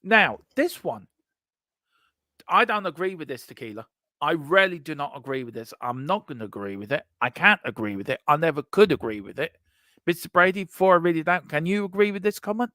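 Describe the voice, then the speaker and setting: A man co-hosting a casual fan chat show, reading out comments in an animated, joking way and repeating himself for emphasis. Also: on the high side, a little fast, no room sound, clean studio sound. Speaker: co-host of a fan channel show.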